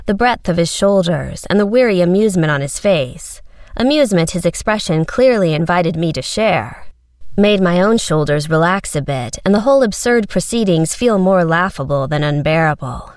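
Low-voiced woman reading fiction aloud, wry and measured, super dry close mic. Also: animated, no room sound. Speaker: narrator. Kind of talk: scripted fiction narration.

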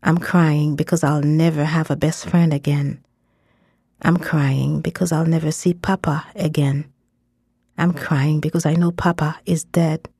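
A woman reading a first-person story aloud in a measured way, dropping in short phrases in another language. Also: sits low, level tone, warm tone, slightly rough, dry recording, clean studio sound. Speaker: narrator. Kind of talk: scripted story narration.

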